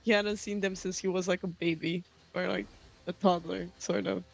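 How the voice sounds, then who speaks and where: Hesitant, high-voiced man player. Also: little pitch movement, moderate pace, gravelly, low-quality recording. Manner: hesitant, stammering. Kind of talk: casual tabletop play.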